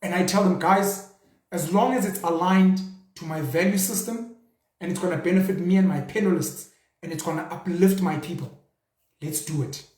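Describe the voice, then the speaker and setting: A man's voice: high-pitched, moderate pace, a little mellow. A young South African man hosting his own show, speaking in a passionate, rhetorical way with mocking asides. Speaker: show host. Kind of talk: casual commentary monologue. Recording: roomy echo.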